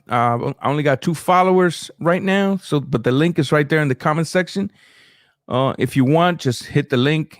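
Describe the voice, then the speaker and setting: A man's voice: medium pitch, dry recording, clean studio sound. A man hosting a casual live stream, reacting to boxing and chatting with viewers as he reads their comments.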